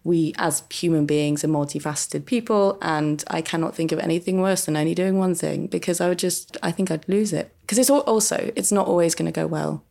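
A woman's voice: on the low side, steady tone, brisk, gravelly, few pauses, a little mellow. A woman, a journalist and musician, chatting as an interview guest, laughing often and restarting her sentences. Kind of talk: casual interview chat.

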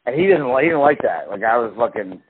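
A man's voice: medium pitch, fast talker, breathy edge. A man co-hosting a casual podcast chat, telling stories with lots of swearing and acting out what others said. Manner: animated storyteller, swears a lot, acts out quotes. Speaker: podcast co-host. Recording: tinny phone-like sound with faint hiss.

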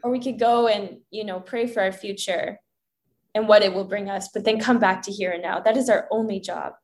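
A woman guest in a casual spiritual chat, earnest and preachy, acting out gentle inner dialogue. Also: medium pitch, fairly even intonation, brisk.

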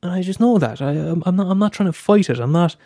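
A man's voice: high voice, animated, fast talker, dark tone, dry recording, clean studio sound. A young Irish man hosting a casual solo podcast, talking candidly with frequent swearing and stammered restarts. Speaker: podcast host.

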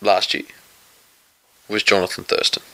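A man's voice: unhurried, bright, forceful tone, no echo, rough recording. A man co-hosting a casual sports podcast with dry, wisecracking humour. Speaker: podcast co-host.

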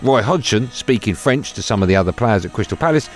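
A man's voice: on the low side, expressive, quick pace. A man hosting a sports radio podcast, teasing his co-host in jokey banter.

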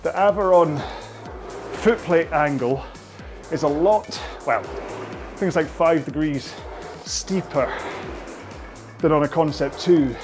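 A Scottish man coaching rowing technique, patient and explaining while he demonstrates on a rowing machine. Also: fairly high pitch. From Scotland. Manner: patient, explaining, checks in with "okay?". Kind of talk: instructional workout video. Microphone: on a rowing machine, talking while demonstrating.

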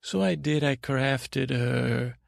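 A man tells a bedtime story with a gravelly, low-key voice, drifting and stopping to restart his sentences. The sound is dry and close, with no room around it. His delivery wanders on purpose, slow to settle on a point. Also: dry recording. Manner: meandering and halting, full of restarts and fillers. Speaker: podcast host telling bedtime stories.

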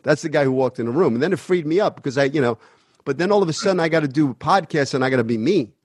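A man's voice: a little high, expressive, rapid-fire, darkish tone, no room sound, clean studio sound. A man hosting a podcast about acting, talking casually and with energy, full of "you know.". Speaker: acting teacher and podcast host. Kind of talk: casual chat.

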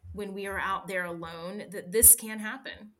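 A woman guest in an interview, recounting a personal story in a halting, candid way with many restarts. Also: medium pitch, steady tone, fairly bright tone. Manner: halting, frequent restarts and fillers. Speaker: interview guest, bikepacking racer.

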